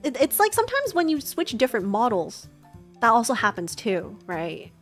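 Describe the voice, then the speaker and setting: A woman's voice: on the high side, huge pitch swings, normal speed, soft background music. A woman hosting a casual chat stream, rambling along with lots of "like" and restarting her sentences. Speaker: VTuber host.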